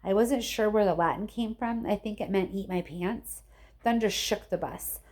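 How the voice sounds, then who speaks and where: A woman teacher reading a chapter of a novel aloud to her students, expressive and chatty with her listeners. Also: medium pitch, normal speed.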